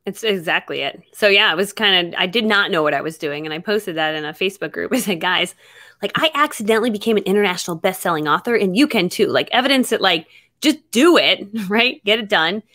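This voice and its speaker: A middle-aged woman chatting as a guest author on a podcast, bubbly and quick, laughing often. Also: mid-range voice, expressive, sharp tone, no echo, studio quality. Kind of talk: casual podcast chat.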